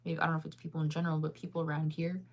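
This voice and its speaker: Young woman, lowish voice, casual vlog chatter, crisp enunciation, frequent laughs. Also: completely flat delivery, rapid-fire. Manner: enunciates words fully and crisply; rambling, chatty, laughs often. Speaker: vlogger. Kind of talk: casual chat to viewers.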